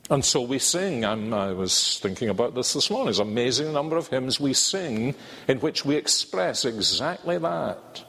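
An older man with a Scottish accent preaching a sermon in a measured, earnest way, drawing out key words. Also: mid-range voice, animated, vocal fry, fairly bright tone, breathy edge. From Scotland. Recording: reverberant hall.

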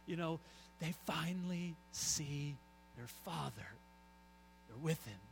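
A middle-aged man preaching a sermon, telling stories and swinging from soft asides to loud emphasis. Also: on the high side, lively intonation, slow pace, creaky, a little hiss or hum, rough recording. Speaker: pastor.

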